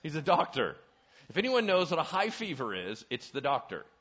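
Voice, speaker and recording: An animated male pastor preaching with a lively voice that swings up and down and sits slightly high for a man. He keeps firing questions at the congregation. The recording sounds dull and lo-fi. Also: a little fast. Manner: animated, asks the audience questions. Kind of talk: sermon.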